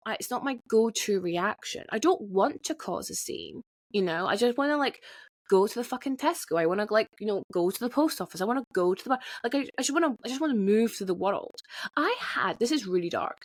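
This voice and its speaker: A woman's voice: mid-range voice, dry recording. A woman hosting her podcast alone, talking candidly, swearing freely and restarting her sentences often. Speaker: podcast host. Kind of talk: candid solo podcast monologue.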